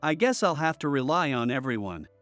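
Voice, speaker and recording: A man's voice: fairly high pitch, big pitch swings, fairly quick, a bit bright, dry recording, faint music behind. A man voicing a weary elderly company founder, speaking in a shaky voice. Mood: wistful.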